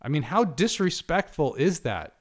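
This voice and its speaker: A man's voice: a little high, very animated, moderate pace. A man giving a passionate monologue, emphatic and punchy, full of rhetorical questions. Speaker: speaker giving a monologue on religion.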